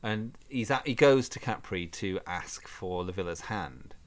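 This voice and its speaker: A man's voice: sits low, expressive, a little slow. A man co-hosting a podcast, telling a story in a casual chat, laughing often and acting out quotes. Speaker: podcast co-host.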